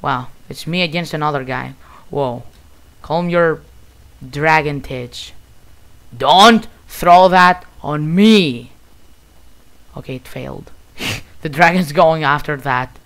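A man with a Greek accent giving casual, excitable commentary while playing a video game. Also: on the high side, a little slow, vocal fry. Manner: excitable, bursts of loud exclamations. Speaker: gamer.

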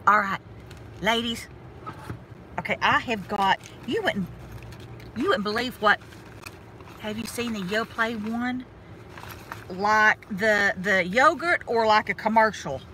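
A woman's voice: medium pitch, animated, slow pace, long pauses, bright, forceful tone. A woman with a North Georgia Southern accent chatting casually to her viewers from inside her car, folksy and self-mocking. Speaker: vlogger. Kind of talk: casual chat while driving. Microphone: phone or camera clipped to the sun visor. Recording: faint road noise in a car. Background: road and car noise.

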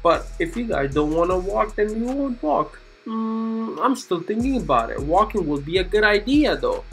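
Gushing, husky-voiced woman talking to kids. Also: medium pitch, lively intonation, moderate pace, few pauses, faint music behind. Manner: gushing, exclamatory, keeps asking the kids questions. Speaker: kids' cartoon narrator. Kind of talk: chatty commentary for children.

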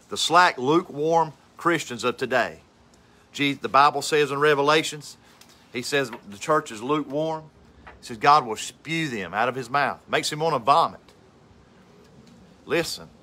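Fervent preaching man, bright voice. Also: on the high side, poor audio. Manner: fervent, repeats phrases, builds to emphatic peaks. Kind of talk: impassioned outdoor sermon.

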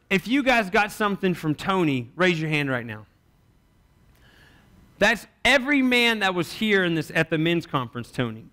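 A pastor preaching a sermon, telling stories and acting out the people he quotes. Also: high voice. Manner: animated storytelling, acts out quoted voices.

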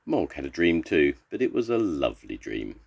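An older man reading a children's storybook aloud in a slow, expressive way. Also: gravelly, slightly rough, highs cut off. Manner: slow and expressive, with lots of pitch swings.

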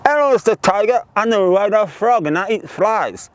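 A man's voice: high voice, expressive, normal speed. A man voicing a cheerful, naive male frog in a spoken joke, with sing-song greetings. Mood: cheery.

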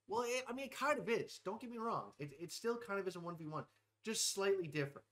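Brash young male host, swears nonstop, mock-tough comedic rant, slightly high pitch. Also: expressive, fast talker, fairly bright tone. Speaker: host ranking game characters. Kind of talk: profane comedic tier-list rant.

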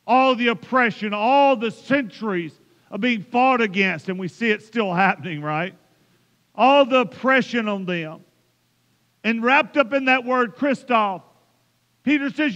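A man's voice: high voice, lively intonation, a little slow, a bit bright. A man preaching a sermon, emphatic and building to impassioned runs. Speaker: pastor. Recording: dull sound in a reverberant church hall.

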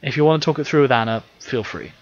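A man's voice: mid-range voice, fast talker, muffled recording, natural voice. A man voicing a confident, friendly male commander with a lifted, upbeat delivery, in an audiobook reading. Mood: persuasive.

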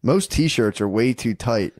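A man's voice: mid-range voice, animated, unhurried, darkish tone, dry recording, clean studio sound. A man hosting a podcast, chatting and joking between ad reads, laughing often and swearing freely. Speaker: podcast host. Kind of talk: casual chat and read ads.

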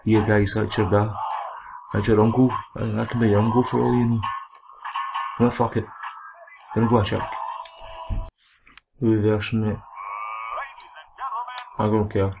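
A Scottish man giving excited, foul-mouthed let's play commentary, trash-talking the game as he plays. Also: lowish voice, moderate pace, gravelly, long pauses. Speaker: gaming commentator. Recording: noisy home recording.

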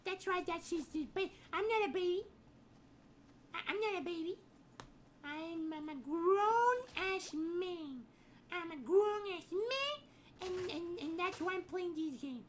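A stammering, whiny little boy, squeaking in a very high voice and repeating his words. He calls for his mama and swears he's a grown man. A steady hiss of background noise runs under his voice. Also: takes it slowly, exaggerated voice. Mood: childish, whiny. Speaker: game streamer. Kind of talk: comedic gameplay role-play.

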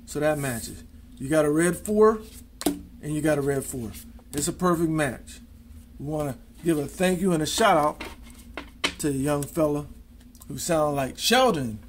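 A man with a slightly high voice walks through card tricks in a relaxed, casual way. He counts and spells out loud as he deals the cards. A faint hum sits behind him. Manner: casual, counts and spells aloud while dealing. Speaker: amateur magician.

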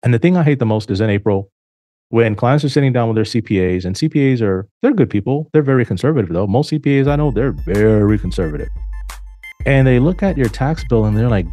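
Animated male financial podcast host. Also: on the low side, fast, soft background music. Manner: animated, acts out clients in quotes, emphatic. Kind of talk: solo podcast talk.

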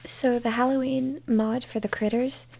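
A woman hosting a soft-spoken ASMR gaming chat, gentle and apologetic, often slipping into whispers. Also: a little high, steady tone, moderate pace, gravelly. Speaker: ASMR host.

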